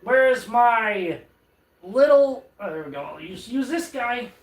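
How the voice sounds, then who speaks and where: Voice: medium pitch, animated, takes it slowly, distant mic. A streamer keeps up a rambling, joking commentary on a live stream, poking fun at their own clumsiness and restarting sentences as they go. The voice sits back from the microphone in a roomy, echoing space at home, with a faint hiss of noise underneath. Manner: rambling, self-mocking running commentary with stammered restarts. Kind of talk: casual live-stream chat while assembling furniture.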